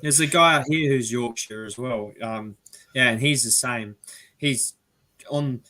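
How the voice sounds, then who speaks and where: Australian man, live-stream host, chatty, laughs a lot, crisp bright voice. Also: mid-range voice, measured pace. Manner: chatty, laughs often, animated impressions. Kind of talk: casual live-stream chat.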